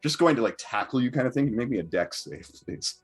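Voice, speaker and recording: A man's voice: mid-range voice, lively intonation, a little fast, slightly rough, faint music behind. A man narrating as game master in a rambling way, with many fillers and restarts.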